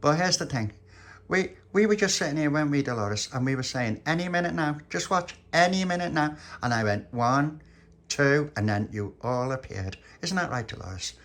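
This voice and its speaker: A chatty, excitable little girl rattles on in a high, sing-song voice, as a man voices her in a storybook telling. The pitch lifts well above the man's own. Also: moderate pace.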